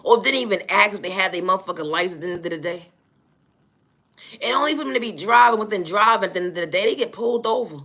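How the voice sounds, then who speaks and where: Woman vlogger, lively bright voice, foul-mouthed comic rant, exasperated and laughing. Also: medium pitch, quick pace. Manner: profane, exasperated, laughing often. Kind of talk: comedic storytelling rant.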